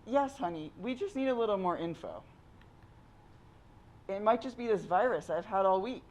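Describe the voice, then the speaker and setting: A reader voicing a worried mother who gently reassures her child over the phone, read aloud from a memoir. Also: medium pitch, lively intonation, moderate pace, voice pushed up, natural voice. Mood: reassuring.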